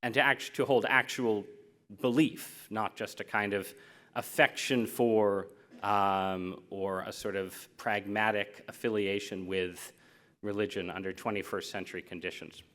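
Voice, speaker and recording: A man's voice: fairly low pitch, flat delivery, measured pace, a bit bright. An American man giving a public lecture as guest speaker, joking at his own expense and often restarting his sentences. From United States. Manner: self-deprecating, joking, with restarts. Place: lecture hall.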